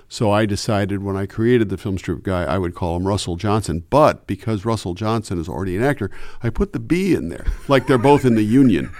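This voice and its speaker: An animated male radio announcer chats as a guest and tells his stories with energy. His voice sits low, and the recording is dry and close. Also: brisk, few pauses, no room sound. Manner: animated, chatty, slips into voices. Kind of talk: casual interview chat.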